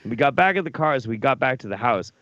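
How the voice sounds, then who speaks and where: Drunk man, swearing a lot, lively swinging pitch, dry muffled sound, rowdy storytelling. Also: quick pace, dry recording. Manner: profane, animated, acts out drunken quotes. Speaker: co-host.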